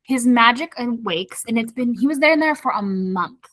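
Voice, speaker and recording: Podcast co-host, woman, bright and lively, recaps the plot with acted-out quotes; close, dry mic. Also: fairly high pitch, moderate pace, no room sound. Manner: animated retelling, acting out characters' lines. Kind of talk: casual book club chat.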